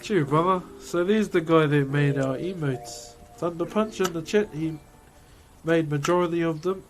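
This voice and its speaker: His voice is a little high and moderately paced, heard over music. This young New Zealander carves wood on a live stream, chatting casually with frequent jokes, swearing, and laughter.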